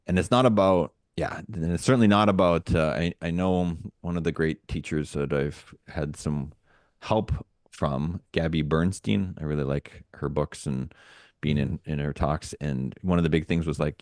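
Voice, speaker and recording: A man co-hosting a podcast, with an extremely deep voice. He talks earnestly and rambles, restarting his sentences often. The sound is dry and close to the mic. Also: moderate pace, darkish tone, no room sound. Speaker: podcast co-host. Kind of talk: casual podcast chat.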